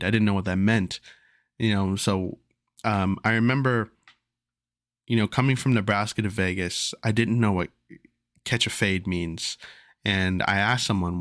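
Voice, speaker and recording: A man's voice: fairly low pitch, fairly even intonation, moderate pace, a bit bright, dry recording, clean studio sound. A man hosting a podcast, telling a rambling, reflective personal story in a casual way with lots of fillers. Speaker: podcast host.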